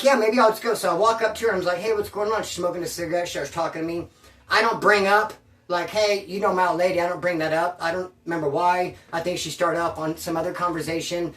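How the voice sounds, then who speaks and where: A man's voice: high-pitched, fairly bright tone, roomy sound, distant mic. A man telling a story from his past in casual, profane street slang, rambling and repeating himself.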